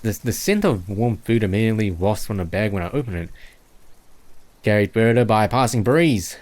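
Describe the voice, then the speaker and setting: Low-voiced Kiwi streamer reading a game. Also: male voice, lively intonation, fairly quick, darkish tone. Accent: New Zealand mixed with Chinese. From New Zealand. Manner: self-correcting, stumbling over words. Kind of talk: reading a visual novel aloud with chat asides.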